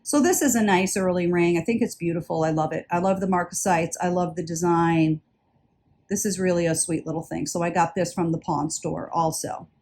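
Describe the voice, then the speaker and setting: A woman's voice: on the low side, a little fast, a little mellow, slight background noise. A woman vlogging a casual haul video about jewelry she bought, chatty and enthusiastic, often repeating words for emphasis. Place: indoors, traveling.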